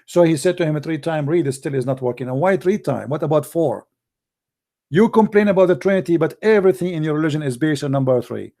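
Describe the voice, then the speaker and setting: A man with an Arabic accent, a native Arabic speaker from the Middle East, hosting a live debate show in a mocking, emphatic and forceful way. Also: on the high side, quick pace. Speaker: apologetics show host.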